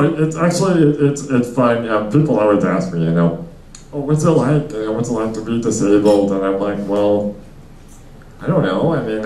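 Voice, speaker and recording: A man's voice: lowish voice, darkish tone, slight background noise. A young man doing a stand-up comedy set, rambling loosely with lots of fillers and chatting with the crowd. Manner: rambling, loose delivery with many fillers and asides. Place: comedy club stage before a small audience. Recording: echoey room, miked from a distance.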